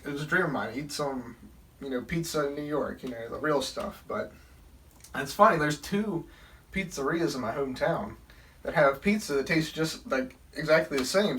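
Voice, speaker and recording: A man's voice: medium pitch, a bit bright, far from the mic. A young man from Southern Virginia telling a rambling personal story, with many fillers and restarts. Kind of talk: casual storytelling.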